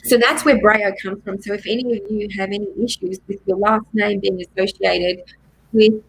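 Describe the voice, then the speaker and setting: A woman's voice: mid-range voice, fairly even intonation, normal speed, vocal fry, slight background noise, poor audio. Emphatic woman, middle-aged. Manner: emphatic, repeats key phrases for force. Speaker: guest sharing her story. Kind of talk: personal testimony in a live chat.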